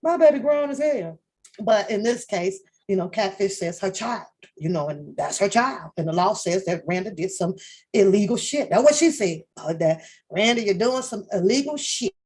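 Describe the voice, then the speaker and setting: A woman with a husky, darkish, mid-range voice hosts a reaction channel, speaking expressively at a moderate pace. She rambles through casual commentary on a reality show, swearing a lot, laughing often and restarting her sentences again and again.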